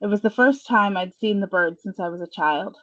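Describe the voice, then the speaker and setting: A woman's voice: medium pitch, moderate pace, a bit bright, no echo. A woman speaks in a dry, slightly dull-sounding recording. She is hesitant and a little self-deprecating at first, then reads a serious literary passage. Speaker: student reader. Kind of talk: reading a literary fiction excerpt.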